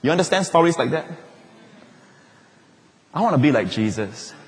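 A pastor, preaching a lively sermon with jokes and playful asides. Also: male voice, on the high side, normal speed. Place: large church auditorium. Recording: long reverb of a large hall.

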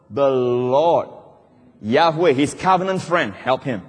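A man preaching a sermon as pastor, swinging from loud cries down to low, quiet asides. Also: animated, slow, husky. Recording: long hall reverb.

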